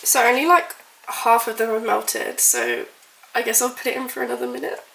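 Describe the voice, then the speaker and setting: A woman's voice: fairly high pitch, big pitch swings, normal speed, gravelly, roomy sound, heavy background noise. A woman vlogging as she bakes in her home kitchen, rambling casually and poking fun at herself. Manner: chatty, rambling, self-deprecating, full of "like". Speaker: baking vlogger. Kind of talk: casual chat to camera.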